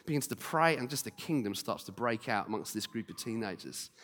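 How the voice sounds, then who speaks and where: A man preaching a sermon, telling stories lively and speaking straight to the congregation. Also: medium pitch, fairly quick, in a large hall. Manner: lively storyteller, acting out quotes, direct to congregation. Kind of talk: storytelling sermon.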